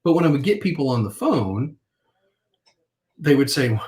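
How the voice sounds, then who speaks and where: A middle-aged man, a podcast guest, telling lively stories and acting out the phone calls he once made. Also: medium pitch, fairly quick, pauses often. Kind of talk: interview.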